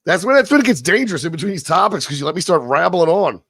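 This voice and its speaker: Hosting a live stream, a man with a high, slightly bright, husky voice and lively intonation talks casually and rants with plenty of profanity, wandering from point to point. Afterward he reads scripted narration slowly. The sound is studio quality with no room sound.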